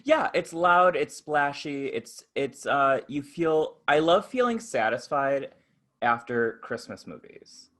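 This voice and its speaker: A man co-hosting a podcast in casual chat, gushing and animated, breaking into laughter. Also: fairly high pitch, takes it slowly. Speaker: podcast co-host.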